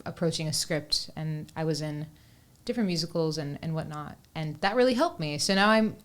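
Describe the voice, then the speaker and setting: A woman's voice: deep voice, a little fast. A woman in her twenties, a guest musician, chatting casually and thoughtfully in an interview, often saying "like" and "whatnot.". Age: 20s. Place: Los Angeles.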